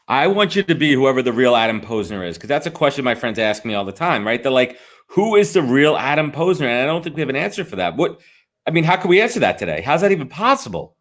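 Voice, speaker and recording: A man's voice: mid-range voice, very animated, fast, a bit bright. An American man hosting a live podcast stream, talking energetically and playfully. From United States. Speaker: podcast host. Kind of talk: casual live-stream chat. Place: home office in New York City.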